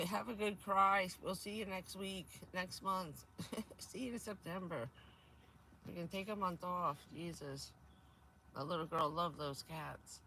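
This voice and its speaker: Hoarse and stuffy from a cold, this woman speaks at a fairly low pitch with fairly even intonation, a measured pace and a sharp tone. She chats casually on a vanlife livestream inside her camper van, laughing a lot and replying to viewers, with a little hiss or hum present.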